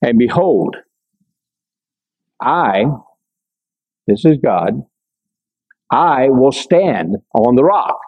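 An older man giving a conversational Bible lesson, reading scripture aloud and breaking off to explain it, with frequent pauses and check-ins with his listeners. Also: medium pitch, big pitch swings, dull audio. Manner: many fillers and restarts, checks in with listeners. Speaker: Bible teacher.

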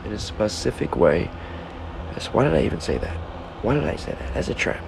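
A man's voice: fairly low pitch, sing-song, brisk, gravelly. A man hosting a solo podcast at home, rambling to himself in a self-interrupting monologue, heckling himself as he goes. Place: home room with a fan. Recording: background fan hum.

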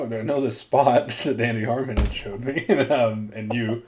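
A man's voice: mid-range voice, fairly even intonation, normal speed, hardly any pauses, a little mellow, a little hiss or hum. A young man hosting a podcast, chatting casually, laughing often and swearing freely as he tells stories. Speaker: podcast host.

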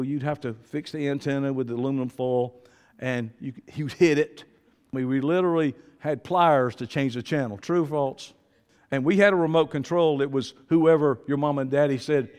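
An older man preaching a sermon, telling stories and swinging from low asides to loud shouts. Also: smooth. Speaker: pastor. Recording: long hall reverb.

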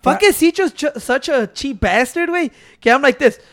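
Very high-voiced man, teasing and profane. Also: animated, moderate pace, a bit bright. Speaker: podcast co-host. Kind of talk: casual chat.

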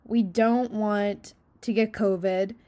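A woman's voice: mid-range voice, steady tone, slow pace, dark tone. A young woman co-hosting a podcast in casual chat, giggly and rambling after a few drinks. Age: young adult. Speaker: podcast co-host.

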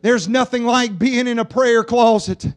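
A male pastor preaching a sermon from a church pulpit, moving between hushed passages and shouted ones. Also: very high-pitched, fairly even intonation, a little slow, smooth.

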